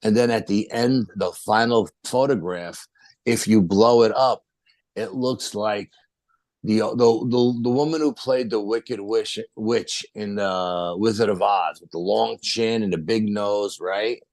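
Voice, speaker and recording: A man's voice: on the low side, unhurried, darkish tone, no room sound. A middle-aged man telling a ghost-hunting story in a casual, rambling way, full of fillers and restarts. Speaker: paranormal investigator guest.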